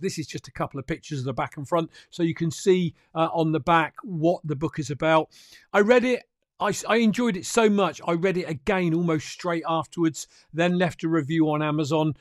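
The host of a crypto news livestream chats emphatically with viewers in casual commentary. His voice is a little high, and the recording sounds dry and studio quality.

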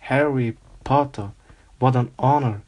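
A man's voice: mid-range voice, a little slow, muffled recording, lightly acted. A man reading aloud, voicing an emotional old male barman who speaks in awed exclamations.

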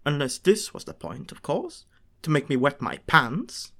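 A woman's voice: huge pitch swings, unhurried, creaky, a bit bright, heavily acted. A woman voicing a fussy, easily frightened man, scolding and frantic in an audiobook reading. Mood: indignant. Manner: frantic, scolding, high-strung.

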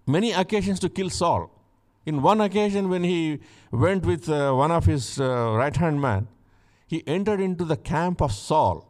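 Fervent preacher man with a slightly raised pitch. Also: a little mellow. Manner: acts out biblical dialogue, repeats key phrases. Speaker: pastor. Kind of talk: sermon with storytelling and prayer.

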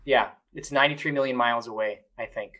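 This is a man co-hosting a casual podcast. He tells stories in a relaxed, rambling way, filling pauses with ums and likes, at a middle pitch. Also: low-quality recording. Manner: relaxed storyteller with fillers. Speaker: podcast co-host. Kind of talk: casual chat.

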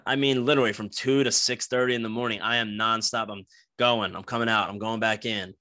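A man's voice: on the low side, steady tone, moderate pace, pushed and bright, no echo. A young man from New Jersey hosting a podcast, telling a rambling, crude story with lots of swearing and restarts. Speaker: podcast host. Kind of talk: casual storytelling monologue.

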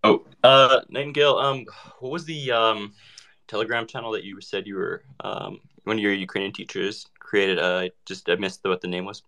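A man with a very deep voice chats casually in an online audio room. He talks hesitantly, pausing often with fillers and restarting his sentences. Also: fairly even intonation, vocal fry, sharp tone. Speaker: participant in an online audio chat. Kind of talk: casual group conversation.

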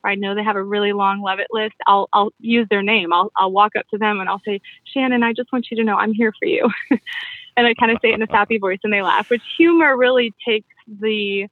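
A woman's voice: mid-range voice, steady tone, no echo. Woman on a tinny phone line. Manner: upbeat, playful, with self-corrections and quick laughs. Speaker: jewelry party seller. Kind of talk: casual explanation of sales tips.

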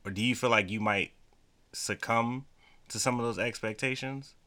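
Man with a sharp, bright voice. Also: mid-range voice, fairly even intonation. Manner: halting, restarts questions mid-sentence. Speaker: podcast host. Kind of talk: casual interview questions.

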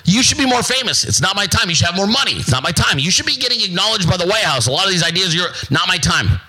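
A man's voice: sits high, expressive, fast, pushed and bright, husky, low-quality recording. Brash, profane man preaching self-confidence. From United States. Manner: brash, profane, emphatic, repetitive; acts out other people's lines in mocking voices. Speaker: show host. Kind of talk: motivational livestream monologue.

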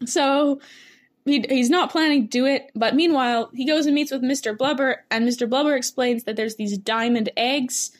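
A woman in casual conversation, recounting a story at length with an animated, rambling delivery. She laughs often as she goes, and her voice sits a little higher than most. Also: moderate pace. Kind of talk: casual chat.

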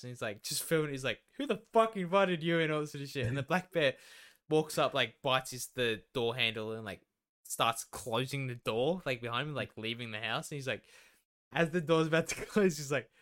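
A young Australian man chatting casually and swearing often as a podcast co-host. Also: medium pitch. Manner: animated, sweary, laughing. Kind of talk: casual chat.

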